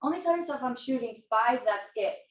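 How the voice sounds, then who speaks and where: A woman's voice: fairly high pitch, expressive, fairly quick. A woman co-presenting a casual workshop, giving emphatic, encouraging advice to the audience. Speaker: real estate coach co-presenting a workshop. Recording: echoey room with faint noise.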